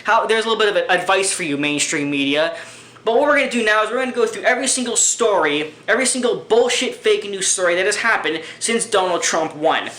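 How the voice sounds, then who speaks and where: A man's voice: sits high, animated, fast, pushed and bright. A man ranting through political commentary, angry and sarcastic, swearing often. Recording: echoey room.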